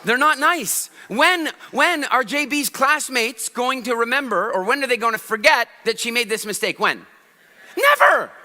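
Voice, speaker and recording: A bright, forceful male speaker on stage, pitched fairly high for a man, acting out little scenes and throwing questions at the crowd. His voice rings through a big hall with a long tail of reverb. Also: moderate pace, hardly any pauses. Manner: animated storytelling, acts out voices and asks the audience questions. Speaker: motivational speaker. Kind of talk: live stage talk to an audience.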